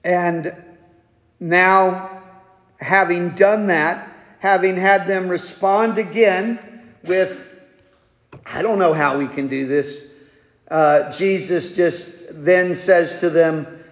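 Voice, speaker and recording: A man's voice: sits high, fairly even intonation, slow. A man preaching a sermon to his congregation as their pastor, folksy and jokey in his asides. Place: church sanctuary. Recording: echoey hall.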